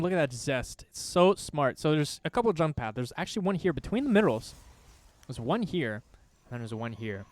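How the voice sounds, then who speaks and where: A man casting a strategy game replay with animated, chatty, self-deprecating commentary, often thinking out loud. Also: sits high, fairly quick. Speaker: esports caster.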